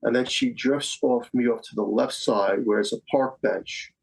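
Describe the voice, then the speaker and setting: A man in his fifties from Staten Island, speaking as an interview guest. He tells a personal story in an earnest way at a middle pitch, and he comes back to the same phrases to press his point. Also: fairly even intonation, normal speed, gravelly, husky, low-quality recording. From Staten Island, New York. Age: 50s. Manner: earnest, repeats phrases for emphasis. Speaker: psychic medium guest.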